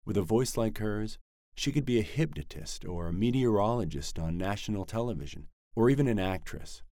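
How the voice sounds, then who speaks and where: A man reading a novel aloud as narrator in a measured, even storytelling manner. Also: lowish voice, no room sound, studio quality. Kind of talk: scripted audiobook narration.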